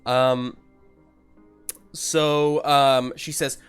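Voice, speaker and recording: A man's voice: medium pitch, little pitch movement, very slow, smooth, soft background music. A man narrating as game master in a tabletop game, in a loose, filler-heavy way.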